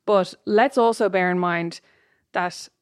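A woman's voice: fairly low pitch, slow pace, no room sound, clean studio sound. A woman co-hosting a casual chat podcast, blunt and self-mocking, laughing often. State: pregnant. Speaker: podcast co-host.

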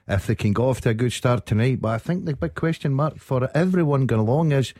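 A man's voice: mid-range voice, lively intonation, fast, a little mellow, no room sound, studio quality. A man giving enthusiastic football punditry on the radio. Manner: enthusiastic, chatty.

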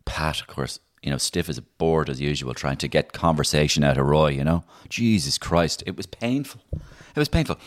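Deep-voiced, animated Irish man. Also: moderate pace. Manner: animated, storytelling, many restarts. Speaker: comedian and impressionist, guest. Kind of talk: casual interview chat.

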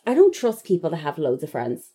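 A woman co-hosting a podcast, chatting casually and bluntly and chiming in with quick reactions. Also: deep voice, huge pitch swings, mellow, husky. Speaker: podcast co-host. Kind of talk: casual chat.

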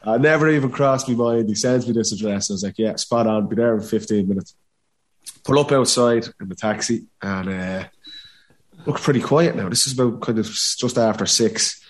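A man's voice: on the low side, moderate pace. A man in his thirties with a Dublin Irish accent, telling a casual story as a podcast guest, full of acted quotes and laughter. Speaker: podcast guest, former footballer.

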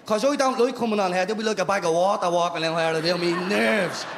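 A man's voice: sits high, fast. A man with a Dublin Irish accent co-hosting a live comedy podcast, teasing the audience with cheeky, swearing banter. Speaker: podcast co-host. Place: stage of a live show in a theater. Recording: echoey live venue with a noisy crowd.

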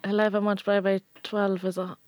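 A woman's voice: mid-range voice, flat delivery, brisk, darkish tone, no room sound. A woman with an Irish accent co-hosting a podcast, chatting casually, giggling and teasing as she reads messages aloud. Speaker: podcast co-host. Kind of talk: casual chat.

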